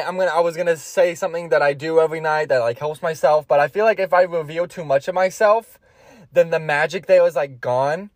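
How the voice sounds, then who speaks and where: A man's voice: sits high, no room sound, studio quality. A man hosting a solo podcast, rambling in a crude, jokey way. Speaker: podcast host.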